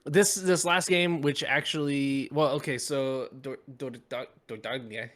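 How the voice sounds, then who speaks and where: Relaxed man hosting a podcast. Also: medium pitch. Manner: relaxed, with filler pauses. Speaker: podcast host. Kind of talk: casual podcast chat.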